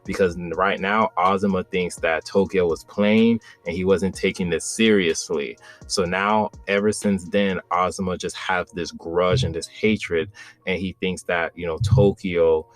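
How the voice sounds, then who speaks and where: A man's voice: low voice, steady tone, measured pace. A man hosting his own channel, recapping and reviewing a manga chapter in a loose, enthusiastic way, full of "like" and "bro".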